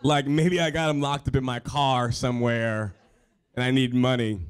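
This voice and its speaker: A man in his thirties telling an emotional personal story on stage at a live storytelling show, self-mocking, with excited bursts. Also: mid-range voice, moderate pace, smooth, some chatter behind.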